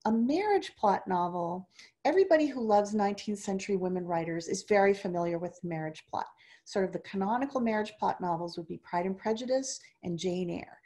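A woman giving organized, explanatory remarks as a panelist at a book club event, often pausing with "uh", over a video call. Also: medium pitch, lively intonation, mellow. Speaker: literature panelist.

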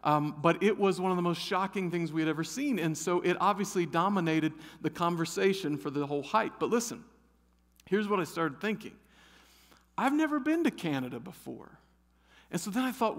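Animated pastor in a reverberant church hall. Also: male voice, high-pitched, brisk. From Ohio. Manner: animated, humorous storyteller. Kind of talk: storytelling sermon. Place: church sanctuary.

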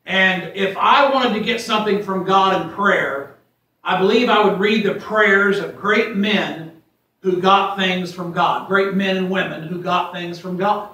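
A man's voice: high-pitched, unhurried, bright, forceful tone, a little hiss or hum. A man from Ohio teaching an informal Bible study, rambling in a folksy way and reading scripture aloud with emphasis. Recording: echoey room, voice from far off.

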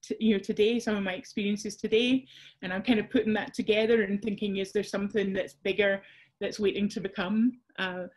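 A woman's voice: mid-range voice, steady tone, brisk, darkish tone. A Scottish woman presenting a workshop over a video call, chatty and self-deprecating with frequent restarts.

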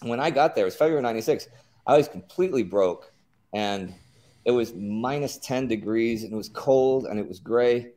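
A man's voice: medium pitch, normal speed, mellow. A middle-aged man from the United States, talking casually as an interview guest and repeating words as he thinks.

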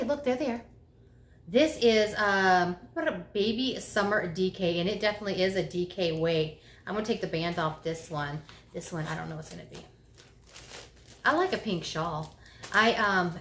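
Chatty, gasping grandmother vlogger, recorded in a reverberant room with faint background hiss. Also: medium pitch. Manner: chatty and excitable, gasping and exclaiming, dropping to whispers. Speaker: crochet vlogger. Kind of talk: casual chat. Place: bedroom, indoors.

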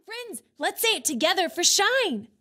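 Woman, children's ministry host, very high bright voice, lively and sing-song, bubbly and exclamatory. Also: moderate pace. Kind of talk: excited kids' lesson presenting.

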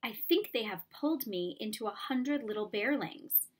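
A woman doing a big kindly bear who talks low and grave. it is a storybook read-aloud, with the voice pulled a little lower than her own. the tone stays serious and slow. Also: animated, breathy edge. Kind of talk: storybook reading.

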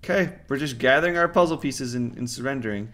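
A young man streaming a video game with a friend, joking and bursting into loud yelps. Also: mid-range voice, quick pace. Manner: excitable, jokey, swings to loud yelps. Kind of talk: casual gaming chat. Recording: faint game music behind.

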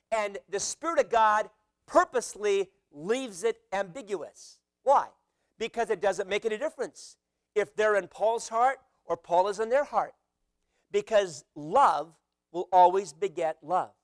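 A man preaching a sermon as pastor, animated, acting out quotes with sudden loud shouts. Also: high voice, a little slow, no echo, clean studio sound.

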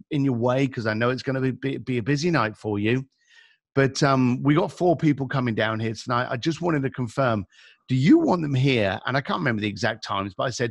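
Animated, gravelly-voiced London storyteller. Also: male voice, medium pitch, no room sound. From England. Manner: animated storyteller acting out dialogue. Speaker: guest. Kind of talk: storytelling in a podcast interview.

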